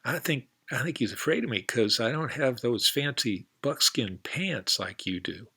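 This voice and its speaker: A man voicing a sly male coyote trickster in a storybook tale, talking in a soft, wheedling way. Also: mid-range voice, lively intonation, normal speed, husky, exaggerated voice.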